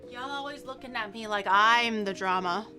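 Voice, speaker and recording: A woman's voice: on the high side, moderate pace, pushed and bright. A woman streamer chatting casually while she cooks, playfully indignant as she bickers with her chat. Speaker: streamer cooking on camera. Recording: background music under voice.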